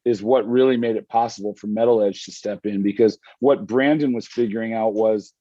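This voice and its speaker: Rambling, excitable man on a call. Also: lowish voice, fairly quick, dry recording, lo-fi sound. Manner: rambling, enthusiastic, frequent restarts. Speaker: magazine editor guest. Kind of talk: casual interview chat. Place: home with dog and wife nearby.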